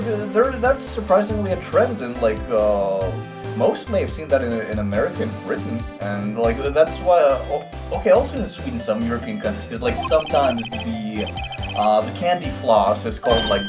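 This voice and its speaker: A man's voice: mid-range voice, animated, normal speed. Rambling man chatting over a game. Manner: rambling, hesitant, lots of fillers. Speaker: co-streamer. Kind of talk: casual let's play chat. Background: game music.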